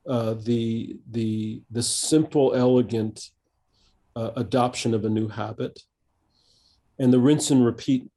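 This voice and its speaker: An older American coach with plenty of experience answers questions as an interview guest, his medium-pitched voice warm and mellow. The conversation is reflective, and he frequently stalls on fillers before starting his sentences over.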